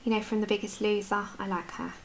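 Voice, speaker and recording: A woman's voice: medium pitch, flat delivery, quick pace, a little hiss or hum. A British woman in her adult years chatting casually with viewers while colouring on a livestream, answering their comments as she goes. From United Kingdom.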